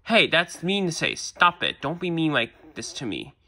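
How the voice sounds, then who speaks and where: A man's voice: on the high side, wildly swooping pitch, normal speed, sharp tone, voice pushed up, heavily acted. A man voicing a young girl YouTuber who whines and pleads, barely shifting his own voice. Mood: upset.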